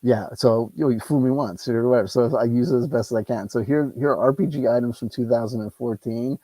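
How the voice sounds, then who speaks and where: With a fast, mellow, mid-range voice, a man hosts a solo tabletop game on his channel using a lapel mic. He rambles and rants in casual commentary, cursing freely. The recording is rough but has no echo.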